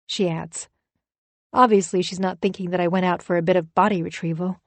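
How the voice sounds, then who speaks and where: Female audiobook narrator, somewhat low voice, dry close sound, measured and wry. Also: fairly even intonation, no echo. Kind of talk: first-person thriller narration.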